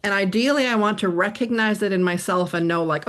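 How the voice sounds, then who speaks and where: Brisk and medium-pitched, she barely pauses as she responds to questions on workplace stress. The middle-aged guest expert tells stories animatedly and gives voice to the people she quotes.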